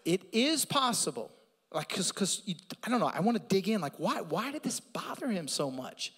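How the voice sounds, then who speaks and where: A male pastor delivers a sermon in an animated, conversational way, dropping in asides. His voice sits high for a man. A long church-hall reverb trails every phrase. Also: moderate pace, husky.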